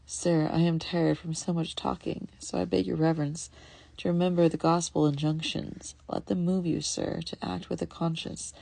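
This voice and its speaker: A woman reading aloud voices a starving ragged young man who pleads slowly for food. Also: deep voice, little pitch movement, gravelly, dark tone, no echo. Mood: pleading. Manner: pleading, slow and drawn out.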